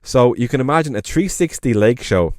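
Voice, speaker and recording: A man's voice: mid-range voice, expressive, a little fast, darkish tone, no echo, studio quality. An Irish man co-hosting a podcast, chatting casually and enthusiastically, with lots of fillers and rambling asides. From Ireland. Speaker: podcast co-host.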